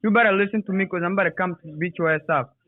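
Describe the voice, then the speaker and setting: A high-voiced man shouts aggressively down the line, spitting insults. His voice comes through a tinny phone-line sound. It is a rough, combative call-in rant. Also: very fast. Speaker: caller.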